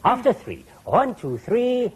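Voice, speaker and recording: A man's voice: extremely high pitch, sing-song, slow pace, a little hiss or hum, exaggerated voice, poor audio. A man voicing a fussy, anxious male fox photographer in a children's TV puppet play, who stammers when flustered.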